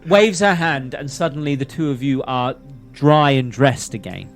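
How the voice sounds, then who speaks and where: A man's voice: medium pitch, moderate pace, soft background music. A man narrating as game master for a tabletop game, laughing often as he talks.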